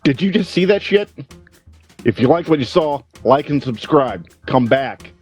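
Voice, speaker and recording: A man's voice: fairly high pitch, animated, measured pace, a little mellow, husky, faint music behind. A man co-hosting a podcast in casual chat, wry and laid-back. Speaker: podcast co-host.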